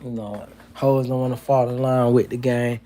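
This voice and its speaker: A man on a livestream who talks loosely and swears constantly, rolling from rambling explanations into heated, animated rants. His voice sits at an ordinary middle pitch, and his level rises and falls as he riffs. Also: normal speed, a little hiss or hum. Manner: profane, ranting, animated. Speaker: livestream host. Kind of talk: casual livestream chat and comedy.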